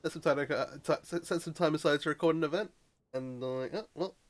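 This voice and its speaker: A man's voice: on the high side, fast. A man casually commenting on his own card game match, thinking aloud and often restarting his sentences. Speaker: streamer playing a card game.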